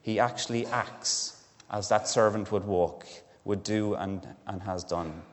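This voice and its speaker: A man's voice: lowish voice, unhurried, long reverb tail, slight background noise. A man preaching a sermon in a conversational way, asking his listeners direct questions, in a church.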